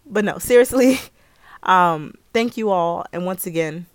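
A woman's voice: lowish voice, a little slow, clean tone, no echo, studio quality. A young woman hosting a podcast, giving listeners a casual, playful pep talk full of slang. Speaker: podcast host.

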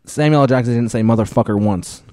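A man's voice: mid-range voice, fast talker, warm tone, dry recording, studio quality. A man co-hosting a podcast, chatting casually about movies, swearing a lot and laughing often. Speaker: podcast co-host. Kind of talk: casual chat.

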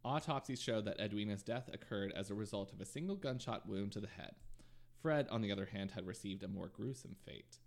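A man hosts a true crime podcast and tells the case in a relaxed, conversational way, sprinkling in ums and side remarks. His voice is low and gravelly with plenty of vocal fry. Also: brisk. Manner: relaxed narration with frequent ums and asides. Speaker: podcast host.

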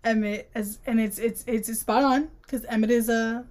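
A woman co-hosting a podcast, casually recapping a book chapter and acting out characters' lines with sudden pitch jumps. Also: normal speed. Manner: animated retelling, acting out dialogue with pitch jumps. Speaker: podcast co-host.

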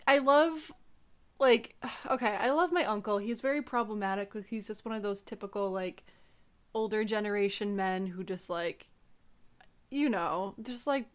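A woman's voice: medium pitch, normal speed. A young woman from upstate New York co-hosting a casual podcast, chatty, laughing and swearing freely. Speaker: podcast co-host. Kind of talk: casual chat.

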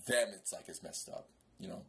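A man's voice: a little fast, sharp tone. A man from Jamaica in casual podcast chat, laid-back and slangy, often asking "you know what I mean".

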